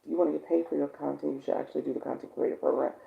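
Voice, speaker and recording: A woman's voice: racing, creaky, narrow, tinny audio. A woman hosting a live stream as a coach, chatting casually and encouragingly with her viewers and reading their comments aloud. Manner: encouraging, chatty, bursts into high excited laughter.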